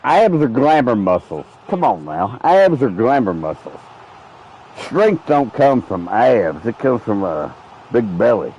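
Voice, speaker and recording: A man's voice: medium pitch, very animated, unhurried, darkish tone, slightly rough. A man streaming a game, telling rambling, profane stories in casual chat. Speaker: gaming streamer. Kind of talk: casual chat while playing.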